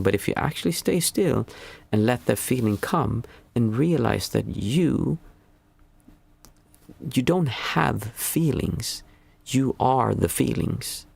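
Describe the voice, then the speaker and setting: A man with a low, gravelly voice gives a reflective talk as a meditation teacher. His tone is husky and rough, and he muses calmly, often circling back to restart a thought. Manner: calm and musing, with frequent restarts.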